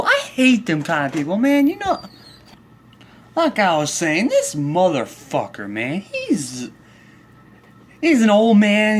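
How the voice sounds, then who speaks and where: A man telling a story in a comedic angry rant, profane and worked up, rambling along with restarts. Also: a little high. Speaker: vlogger.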